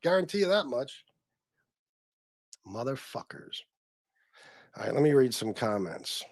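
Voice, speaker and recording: A middle-aged man from North Carolina, ranting angrily and swearing on his livestream, loud one moment and muttering the next. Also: sing-song, a little slow, no echo. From North Carolina, USA. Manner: angry, sweary, swings between loud outbursts and low mutters. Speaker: livestream host. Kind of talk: profane ranting livestream talk.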